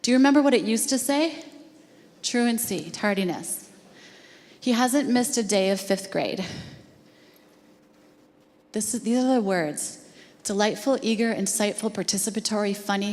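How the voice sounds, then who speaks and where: A woman speaking to a live audience at an education talk, telling a story with earnest feeling. Her voice sits at an ordinary middle pitch for a woman. A long hall reverb trails after her words. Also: normal speed, long pauses, darkish tone.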